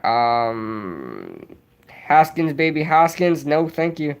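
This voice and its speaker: A young man hosting a casual livestream, rambling excitably and answering viewers' chat as he goes. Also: a little high, very slow, vocal fry, smooth. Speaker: livestream host.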